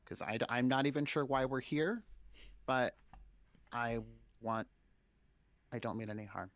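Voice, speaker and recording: A man's voice: mid-range voice, measured pace, a bit bright, dry recording. A man speaking in character in a tabletop game, hesitant and rambling. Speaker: player.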